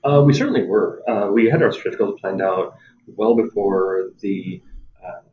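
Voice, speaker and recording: A man's voice: fairly low pitch, unhurried, narrow, tinny audio. A man, a game designer guest in a casual interview, who laughs often and acts out players' lines as he talks.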